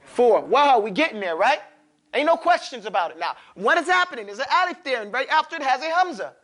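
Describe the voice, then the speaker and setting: Casting note: man, classroom tajweed teacher, high and bright, casual joking drill-master. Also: big pitch swings. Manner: drills students, models recitation slowly, casual and joking. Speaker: Quran recitation teacher.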